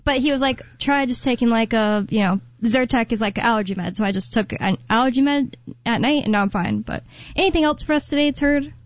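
A woman co-hosts a casual talk show in a fairly high voice, chatty and quick to laugh, peppering her talk with "like". The sound is dry and close, with a slightly dull top end. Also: no echo. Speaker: co-host.

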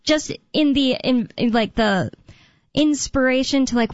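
Chatty woman, high voice, many fillers. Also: measured pace. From United States. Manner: rambling, many fillers and restarts. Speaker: podcast co-host. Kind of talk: casual chat. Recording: dull, dry lo-fi sound.

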